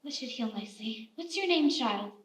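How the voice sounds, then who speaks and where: Brief: actress as a bossy, kindly old-time homemaker, high voice, roomy stage sound from a distance. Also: female voice, expressive, moderate pace, natural voice. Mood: chatty scolding. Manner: motherly, scolding, chatty. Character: kindly, bossy frontier woman baker. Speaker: stage actor. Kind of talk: live stage play acting. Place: theater stage. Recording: roomy theater stage, heard from afar.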